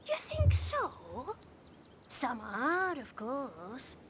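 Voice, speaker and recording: Gossipy middle-aged wife, northern English accent, high voice, sing-song, gushing, game voice acting. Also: female voice, wildly swooping pitch, very slow, fairly bright tone, a little hiss or hum, heavily acted. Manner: gushing, keeps prompting her husband.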